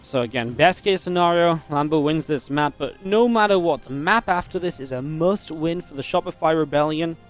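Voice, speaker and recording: A man calling a live esports match in a fairly high, bright-toned voice, chatty and quick to react to the action. Soft music plays faintly underneath his commentary. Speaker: esports caster.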